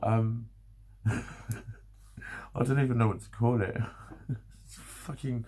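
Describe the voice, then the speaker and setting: A man's voice: mid-range voice, fairly even intonation, slow, pauses often, warm tone. A man, exhausted and rambling through an emotional personal vlog, swearing often and breaking into nervous laughs. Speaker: vlogger.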